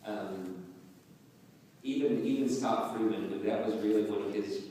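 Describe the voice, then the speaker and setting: Low-ish male panelist, easygoing and laughing, heard far off in a big reverberant hall. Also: unhurried, background noise. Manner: relaxed, chuckling, rambling storyteller. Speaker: voice actor guest on a convention panel. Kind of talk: casual panel talk. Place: large convention hall.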